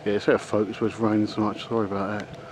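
A middle-aged man, out of breath, talking haltingly to a handheld camera outdoors at night in the rain, with many ums and uhs. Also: fairly low pitch, completely flat delivery, slight background noise, rough recording. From England. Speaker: vlogger. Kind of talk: casual vlog to camera.

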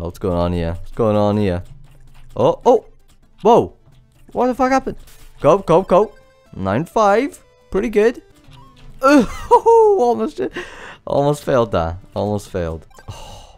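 A man's voice: lowish voice, sing-song, unhurried, vocal fry, a little mellow, soft background music. Frantic swearing gamer guy. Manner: swearing, frantic exclamations while playing. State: out of breath. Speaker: gaming channel host. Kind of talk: let's play commentary.

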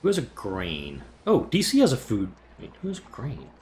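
A man's voice: mid-range voice, huge pitch swings, moderate pace, darkish tone, a little hiss or hum. A man giving casual let's play commentary, thinking aloud and muttering to himself as he plans moves, with the odd mild swear.

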